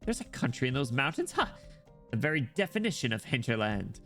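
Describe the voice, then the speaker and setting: A man's voice: medium pitch, very animated, a little fast, a bit bright, faint music behind. A man voicing a proud, scornful noblewoman duchess who sneers at a foreign envoy. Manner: sneering, imperious.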